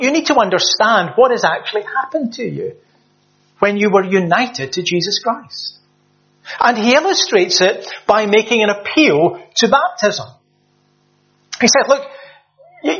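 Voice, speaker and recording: A man's voice: high-pitched, fairly bright tone. A man preaching a sermon in an earnest, emphatic way, often restarting his words. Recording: slightly dull lo-fi sound.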